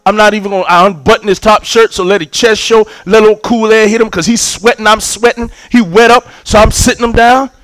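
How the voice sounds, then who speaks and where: A man, preaching a sermon as a story, acting out scenes and repeating words when excited. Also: high-pitched, fast talker, hardly any pauses, dry recording, low-quality recording.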